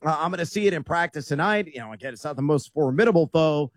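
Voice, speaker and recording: A man's voice: on the high side, expressive, quick pace, no echo, clean studio sound. A man co-hosting a sports betting show who gives upbeat, emphatic picks, with frequent "uh" fillers between his points. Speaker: sports analyst co-host.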